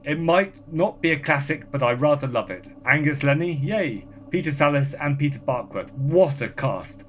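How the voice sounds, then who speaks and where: A man appearing as a podcast guest in casual chat, reading listener comments aloud in a brisk, dry, offhand way. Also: on the high side, expressive, a little hiss or hum.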